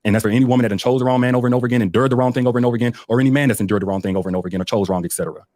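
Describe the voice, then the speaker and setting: A man's voice: mid-range voice, steady tone, rapid-fire, a little mellow, dry recording. A man guest on a podcast, speaking sincerely and confessionally to listeners. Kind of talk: reflective interview talk.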